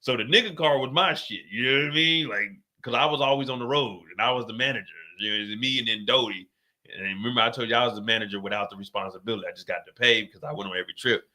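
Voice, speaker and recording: Animated middle-aged man, sharp bright voice. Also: mid-range voice, very fast. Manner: animated, profane, acts out quotes in a raised voice. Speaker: streamer host. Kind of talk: casual storytelling.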